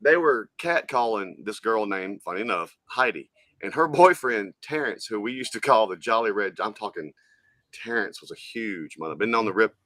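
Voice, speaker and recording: Forceful, bright-voiced man telling stories. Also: lowish voice, moderate pace, dry recording. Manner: animated, profane storyteller. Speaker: podcast co-host. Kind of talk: casual chat, storytelling.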